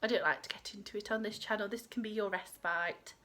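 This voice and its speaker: A woman's voice: medium pitch, steady tone, fairly quick, fairly bright tone. A woman hosting a crochet podcast from home, rambling in casual chat with lots of fillers. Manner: rambling, chatty, with many fillers.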